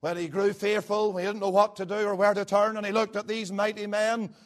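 High-voiced man preaching with dramatic swings. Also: level tone. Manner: swings between rising emphatic peaks and low hushed drops; slow, deliberate delivery with pauses on key words. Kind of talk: sermon.

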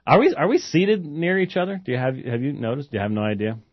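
A man's voice: mid-range voice, big pitch swings, fast, no room sound. Rambling man hosting a lo-fi talk show. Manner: chatty, digressive, many fillers and restarts. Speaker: podcast host. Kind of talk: casual rambling commentary.

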